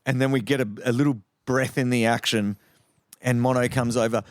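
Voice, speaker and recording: A man's voice: medium pitch, steady tone, a little fast, no echo, clean studio sound. A middle-aged man from Western Australia with an Australian accent, a podcast guest telling rambling anecdotes full of swearing. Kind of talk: casual storytelling.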